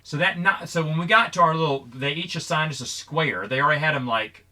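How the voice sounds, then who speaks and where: A podcast co-host tells a story in casual chat, animatedly acting out the voices of the people involved. His voice is a little high and brisk.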